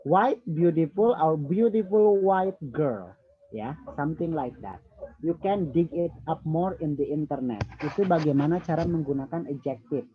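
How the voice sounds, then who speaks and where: A man with an Indonesian accent, a native Indonesian speaker, giving English feedback in an online lesson and slowly repeating words while correcting pronunciation. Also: on the high side, lively intonation, husky. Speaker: English tutor. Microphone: video call. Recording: dull lo-fi video call audio.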